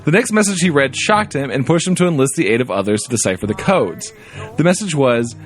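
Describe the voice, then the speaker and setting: Lively man reading a listener email. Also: mid-range voice, fairly quick, faint music behind. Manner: animated, playful storytelling delivery. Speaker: podcast co-host. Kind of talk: casual podcast chat, reading a listener email aloud.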